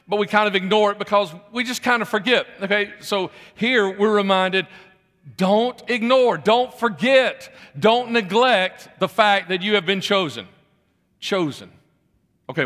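A man delivers a sermon in a high, bright voice. He talks conversationally, circles back over his phrases and keeps putting questions to his listeners. His voice carries a long reverb, as in a large hall. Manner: conversational, repeats phrases, asks the congregation questions. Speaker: preacher.

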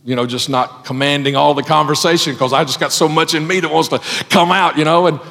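A man preaching a sermon as pastor, folksy in his wording, swinging from loud exhortation to hushed tones. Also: fairly high pitch, fairly even intonation, a little fast, vocal fry. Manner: folksy, says ain't and gotta. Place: church sanctuary. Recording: long hall reverb.

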